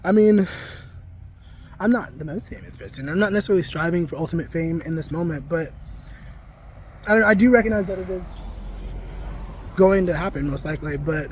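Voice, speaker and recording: Young guy ranting on a walk, kinda high voice, swears a ton, says like constantly, faint hiss behind. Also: brisk, long pauses. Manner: rambling, frequent swearing and filler "like", laughs between thoughts. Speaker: vlogger. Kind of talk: casual venting vlog. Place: outdoors, walking. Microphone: handheld phone.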